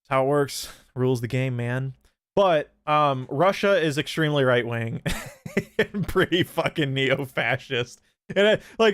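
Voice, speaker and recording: A young man hosting a livestream, chatting casually and profanely, with many restarts and animated outbursts. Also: a little high, normal speed, no room sound. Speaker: streamer host.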